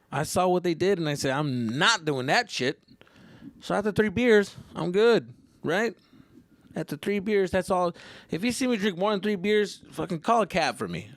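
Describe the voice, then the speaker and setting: A man's voice: high-pitched, dry recording. A man in his thirties hosting a podcast and casually telling a story, loose and heavy on profanity. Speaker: podcast host.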